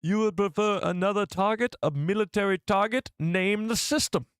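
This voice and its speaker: A man's voice: high-pitched, normal speed, clear, resonant tone, no echo, soft background music, voice pushed up, natural voice. A man putting on a pompous British villain. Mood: mock-menacing. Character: mock-British imperial villain, male, pompous.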